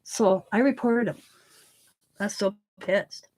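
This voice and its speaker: A middle-aged woman telling a long story with blunt, animated delivery and casual swearing. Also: mid-range voice, slow. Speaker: craft channel host. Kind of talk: casual storytelling while crafting.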